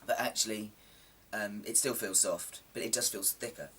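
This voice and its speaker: A man's voice: on the low side, normal speed, bright, forceful tone, distant mic, a little hiss or hum. A man in casual chat to camera, rambling and self-deprecating with plenty of ums, his voice a little coarse from a sore throat. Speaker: vlogger.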